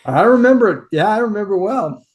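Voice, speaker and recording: Friendly higher-voiced man, interview guest. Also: animated, brisk, lo-fi sound. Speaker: guest author and editor. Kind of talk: casual interview.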